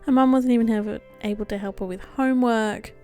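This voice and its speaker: With a fairly high, mellow voice and a steady tone, a woman briskly talks through her game in a let's play. Her commentary is casual, chatty, giggly and self-deprecating, backed by faint music.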